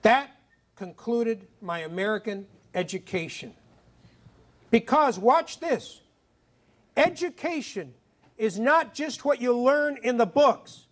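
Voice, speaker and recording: Middle-aged male author, very high voice, animated and punchy, addressing students. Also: takes it slowly. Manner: animated, emphatic, acts out dialogue. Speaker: author speaking at a school. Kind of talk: motivational storytelling talk. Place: middle school assembly.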